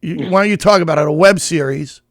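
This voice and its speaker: High-voiced rambling man, laughing often. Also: quick pace, crowd noise. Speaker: comedian co-host. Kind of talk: casual chat.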